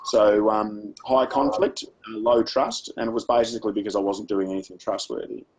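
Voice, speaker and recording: Husky-voiced Australian man leading a workshop. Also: on the low side, steady tone, normal speed, darkish tone, low-quality recording. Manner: conversational and practical, with personal stories. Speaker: education speaker. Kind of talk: workshop talk to teachers.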